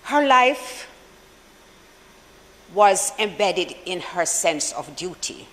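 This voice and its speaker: A senator with a Jamaican accent giving a formal tribute speech for the opposition in parliament, measured and solemn, with deliberate pauses. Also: mid-range voice, pushed and bright, long reverb tail, poor audio. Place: senate chamber.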